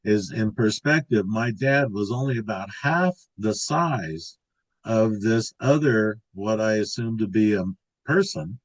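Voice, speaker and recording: Older male guest, lowish voice, casual rambling storyteller. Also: animated, a little slow, poor audio. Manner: rambling, restarts and filler words. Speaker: interview guest recounting an encounter.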